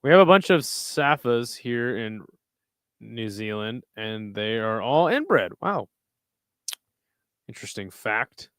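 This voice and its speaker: A man's voice: mid-range voice, very animated, slow, pauses often, fairly bright tone, clean tone, no echo. A young American man hosting a casual fight watch-along stream, answering chat with dry sarcasm. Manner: sarcastic, talks back to chat messages. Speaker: livestream host reading chat.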